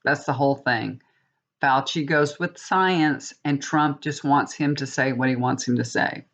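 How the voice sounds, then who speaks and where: A woman's voice: a bass voice, measured pace, dull audio. A woman tarot reader chatting casually to her viewers, indignant and talkative, calling them y'all.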